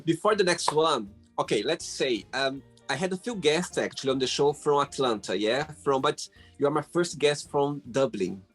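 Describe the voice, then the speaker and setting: A man from the UK hosting an interview, asking friendly questions in a halting way with many restarts. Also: fairly high pitch, animated, soft background music. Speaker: interview host. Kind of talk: casual interview.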